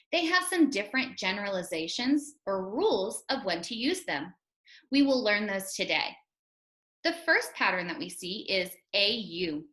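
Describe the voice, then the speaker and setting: A female first grade teacher speaking slowly and clearly to young children, patiently sounding out each phonics sound. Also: medium pitch, sharp tone. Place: home or classroom, recorded for a school TV video. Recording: echoey room.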